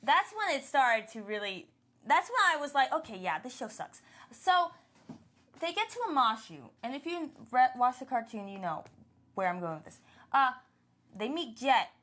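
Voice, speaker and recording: A woman co-hosts a casual review podcast. Her voice sits fairly high and swings a lot in pitch. She talks in loose, rambling sentences full of fillers. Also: very animated, normal speed, fairly bright tone. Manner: chatty, full of "like" and restarts. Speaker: podcast co-host. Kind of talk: casual chat reviewing a show.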